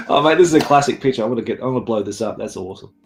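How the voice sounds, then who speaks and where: A man's voice: medium pitch, big pitch swings, racing, a little hiss or hum. A man with an Australian accent hosting a casual chat, jokey and laughing often. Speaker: podcast host.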